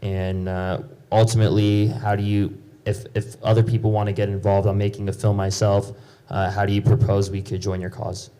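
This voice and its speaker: A man's voice: on the low side, monotone, moderate pace, mellow, a little hiss or hum. A man in the audience asking a long, hesitant question at a panel discussion, with many fillers. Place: law school auditorium.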